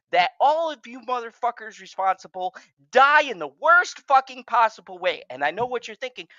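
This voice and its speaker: A man rants with furious, swearing heat, his pitch swinging widely as he stammers when worked up. The sound is dry, with no room around it, and slightly dull and lo-fi. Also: big pitch swings, moderate pace, hardly any pauses, bright, forceful tone, dry recording. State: agitated, racing heart. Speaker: show host. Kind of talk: angry ranting commentary.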